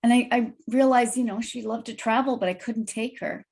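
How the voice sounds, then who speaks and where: A woman guest telling a personal story in a lively, vivid way on a video call podcast. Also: a little high, moderate pace, creaky, breathy edge.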